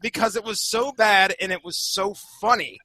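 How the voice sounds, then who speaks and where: A man co-hosting a podcast in casual chat, animated and eager to explain. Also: high voice, moderate pace, no room sound. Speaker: podcast co-host.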